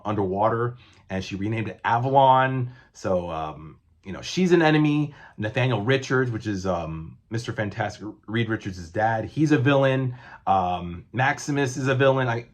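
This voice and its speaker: Rambling casually with lots of fillers and frequent self-corrections, a comic book collector in his forties vlogs in a mid-range voice.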